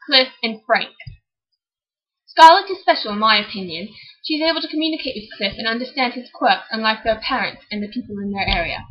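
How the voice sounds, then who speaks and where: A woman's voice: on the high side, husky, dull audio. A woman reading a book review aloud in a clumsy put-on British accent, earnest and a bit stiff. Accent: put-on British accent, admittedly poor.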